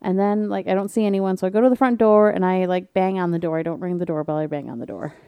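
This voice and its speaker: A woman co-hosting a podcast, telling a story in casual chat and acting out quotes in a loud, high voice. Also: fast talker, clear, resonant tone, dry recording. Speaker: podcast co-host.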